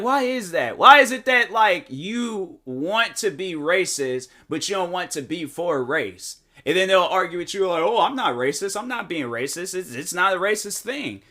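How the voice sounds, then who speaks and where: A man talking in a casual opinion vlog, animated and slangy with lots of fillers. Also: high voice. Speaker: vlogger.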